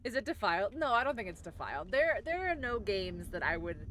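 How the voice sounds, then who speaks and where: A woman's voice: medium pitch, sing-song, normal speed, fairly bright tone, dry recording. A woman streamer chatting casually while playing, giggling often and rambling with lots of fillers and swearing. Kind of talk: casual gaming chat.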